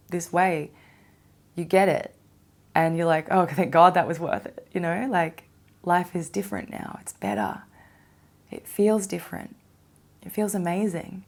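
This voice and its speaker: A young adult woman hosting a casual spiritual self-help podcast, animated, swearing freely and laughing often. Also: lowish voice, gravelly. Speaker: podcast host.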